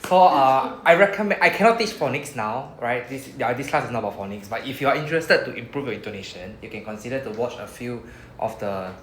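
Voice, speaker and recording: A man's voice: medium pitch, lively intonation, quick pace, few pauses, fairly bright tone, a little hiss or hum. Singaporean man teaching in a roomy room. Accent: Singaporean English. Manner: chatty, drawls out sounds when modelling words. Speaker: Japanese language teacher. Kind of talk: casual classroom teaching.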